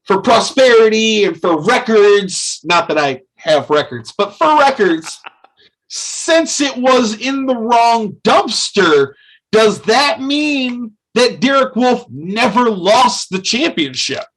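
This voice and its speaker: A man's voice: sits high, big pitch swings, slow pace, a bit bright, poor audio. A man from Michigan co-hosting a casual podcast, cracking dry jokes. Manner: wisecracking, dry quips. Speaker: podcast co-host. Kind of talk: casual chat.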